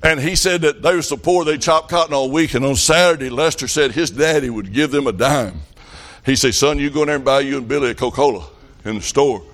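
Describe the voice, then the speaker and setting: Preacher telling folksy stories. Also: male voice, mid-range voice, brisk. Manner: folksy storytelling that builds to shouted preaching. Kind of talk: revival sermon.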